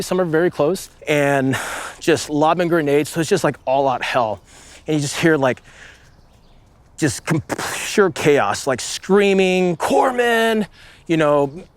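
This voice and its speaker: Ex-marine guy in his late 30s, rambly storytelling, says like a lot, shouts out the quotes. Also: a little high. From United States. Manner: rambling, with many "like" fillers and vivid acted-out shouts. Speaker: former marine sniper, guest. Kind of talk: casual storytelling conversation.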